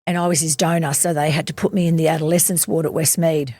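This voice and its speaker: Female host, lower register, empathetic and conversational, dry close-mic sound. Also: fairly even intonation, fast talker, warm tone, no room sound. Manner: empathetic, shares her own experiences. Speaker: podcast host. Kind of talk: conversational interview.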